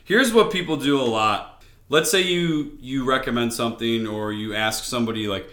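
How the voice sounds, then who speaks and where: A man's voice: mid-range voice, moderate pace, fairly bright tone. A man co-hosting a casual beer-tasting podcast, telling earnest, rambling stories with lots of filler words. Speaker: podcast co-host. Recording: roomy, echoey room sound.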